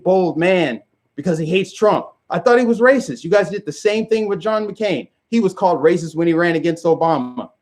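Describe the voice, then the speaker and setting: Brief: emphatic male commentator, high voice, hammers rhetorical questions. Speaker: video commentator. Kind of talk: direct-to-camera rant.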